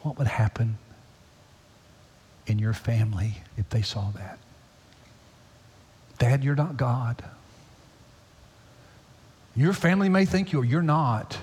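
A man preaching a sermon as pastor, swinging from loud, high pleading to hushed near-whispers. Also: slow pace, pauses often, a little hiss or hum. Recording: long hall reverb.

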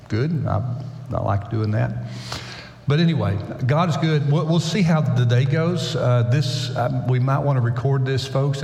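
An older man, a pastor, talking to his congregation in a halting, conversational sermon, full of fillers and restarts, in a large church sanctuary. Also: mid-range voice, gravelly, darkish tone, slight background noise. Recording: roomy church hall echo.

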